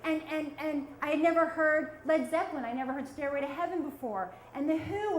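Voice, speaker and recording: Woman, 40s, animated, self-mocking, high voice, echoey venue. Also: brisk, few pauses, a little hiss or hum. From South Philadelphia. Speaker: storyteller. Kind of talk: live storytelling. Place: stage at a storytelling event.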